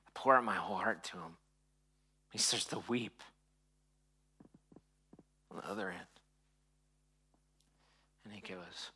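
A pastor in his forties giving a sermon, telling a personal story in a hushed voice and then preaching more loudly. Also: a little slow, long pauses, breathy edge. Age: 40s. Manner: soft and hushed while telling a personal story, louder and higher when preaching.

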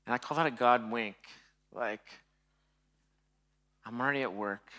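Bright-voiced man in his forties preaching. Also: a little slow. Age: 40s. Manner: soft and hushed while telling a personal story, louder and higher when preaching. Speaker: pastor. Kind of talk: sermon.

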